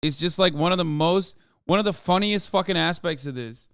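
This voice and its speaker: A man's voice: fairly high pitch, fairly quick, fairly bright tone, smooth, no room sound, clean studio sound. A man streaming a casual reaction commentary, ranting in an exasperated, profane way.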